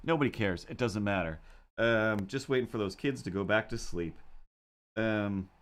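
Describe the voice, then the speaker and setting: A man with a lowish voice talks at normal speed while drawing on a livestream. He tells a story casually, rambling a bit and wryly, with self-mocking asides.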